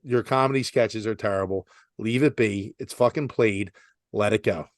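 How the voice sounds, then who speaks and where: A man's voice: fairly low pitch, normal speed, no echo, clean studio sound. A man with a Philadelphia accent co-hosting a podcast, ranting bluntly and swearing in casual chat. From Philadelphia area. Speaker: podcast co-host.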